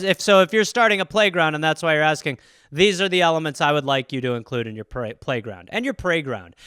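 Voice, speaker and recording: A man's voice: fairly high pitch, bright, forceful tone, clear, resonant tone, no room sound, clean studio sound. A man hosting a comedy podcast, rambling through listener topics in a profane, jokey riff. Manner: rambling, profane, jokey, slips into quick silly voices.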